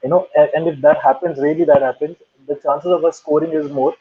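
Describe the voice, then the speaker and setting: A man's voice: on the high side, fairly even intonation, fairly quick, slight background noise. Opinionated man on a tinny phone line. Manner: opinionated, emphatic. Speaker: co-host. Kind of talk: casual football chat.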